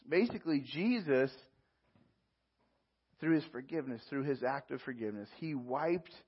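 A man's voice: mid-range voice, husky, highs cut off. A man preaching as a pastor, reading scripture aloud and explaining it verse by verse. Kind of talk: sermon.

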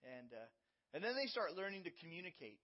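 A man's voice: a little high, very animated, a little fast, lo-fi sound. A man preaching a sermon as pastor, explaining scripture in an earnest teaching manner with everyday illustrations.

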